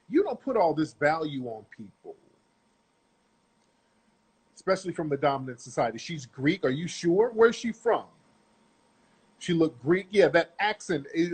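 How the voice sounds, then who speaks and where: A man's voice: high-pitched, slightly rough. A middle-aged man giving blunt, profane, lecturing commentary on a video clip.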